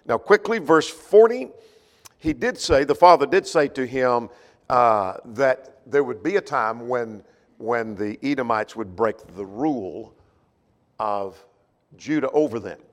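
A man of middle pitch teaching a Bible class, thinking aloud as he works through the text and often restarting or repeating words. His voice carries a long hall reverb, as if recorded in a large room. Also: animated, a little slow.

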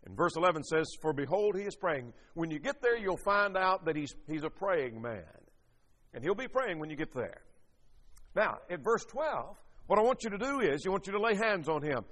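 A man's voice: sits high, very animated, moderate pace, fairly bright tone, long reverb tail. A man teaching a sermon, reading scripture aloud and explaining it verse by verse. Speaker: preacher.

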